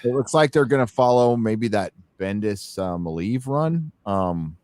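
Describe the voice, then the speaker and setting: A man's voice: fairly low pitch, lively intonation, measured pace, a little mellow, dry recording. An American man hosting a live-stream chat, talking in a blunt, rambling way with casual swearing. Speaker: host.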